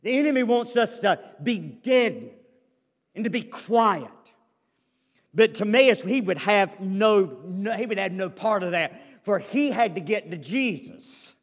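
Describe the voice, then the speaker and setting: A male pastor preaching a sermon, reading scripture slowly and then pressing his points with rising fervor. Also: high voice, lively intonation, long reverb tail.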